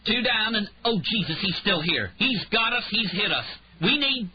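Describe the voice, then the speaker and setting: A man's voice: high-pitched, animated, normal speed, breathy edge, muffled recording, pitched above the performer's own voice, full character voice. A man voicing a frantic marshal crying for help under fire. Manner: frantic crying over radio.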